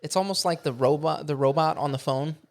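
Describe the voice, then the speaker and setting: Brief: male podcast co-host, fairly high voice, eager and loose, curses casually. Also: a little fast. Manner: enthusiastic, swears freely. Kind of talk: casual chat.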